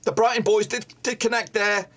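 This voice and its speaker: This frustrated streamer comments on a live football watchalong, cursing often and talking at the players he sees on screen. He speaks fairly quickly in a high, steady voice with a bit of brightness.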